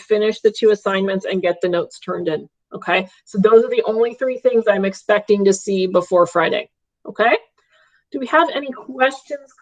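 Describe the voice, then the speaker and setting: A woman math teacher giving a live online class from home, upbeat and checking in with her students often. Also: medium pitch. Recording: dull lo-fi stream audio.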